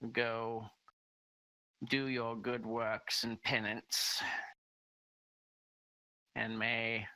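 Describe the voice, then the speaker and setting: A man's voice: mid-range voice, bright, forceful tone, no echo, exaggerated voice, rough recording. A man voicing a condescending older lord who scolds his son. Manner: condescending, stern. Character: scornful older male lord, a father.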